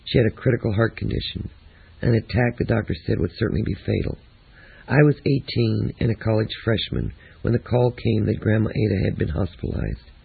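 A man narrating a first-person memoir in a steady, reflective reading. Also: fairly low pitch, a little fast, vocal fry, slightly rough, no echo. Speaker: audiobook narrator. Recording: tinny, lo-fi phone-like audio.

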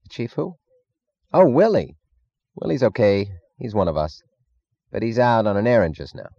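A man's voice: fairly low pitch, very animated, moderate pace, creaky, mellow, dry recording, lo-fi sound, voice pushed up, full character voice. A man voicing an insolent, jumpy young male officer who talks snappishly. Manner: snappish, turning shakily polite.

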